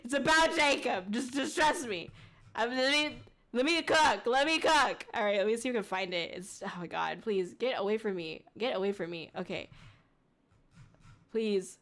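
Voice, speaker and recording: A young woman streamer chatting casually with her viewers, excitable and laughing often. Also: a little high, moderate pace. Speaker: VTuber streamer. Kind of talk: casual livestream chat.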